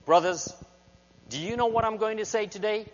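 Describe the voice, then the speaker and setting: Frightened young monk, pleading and pitched up, put on by a man preaching; dull hall recording with mains hum. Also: moderate pace, lightly acted. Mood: nervous.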